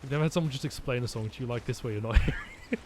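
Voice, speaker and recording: Man, game streamer, rambling jokey commentary, medium pitch, faint background hiss. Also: racing. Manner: rambling, joking, talks to his chat. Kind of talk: let's-play commentary.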